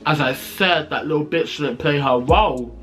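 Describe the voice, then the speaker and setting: A man telling a storytime vlog, animated, sassy and profane. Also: fairly high pitch, normal speed. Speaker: vlogger.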